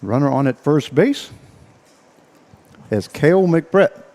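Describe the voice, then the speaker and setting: A man calling a local baseball game as play-by-play announcer, out of breath and talking in halting bursts full of uhs. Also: on the high side, animated, a little mellow. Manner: halting, filler-heavy play-by-play with frequent uhs. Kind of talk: baseball radio commentary.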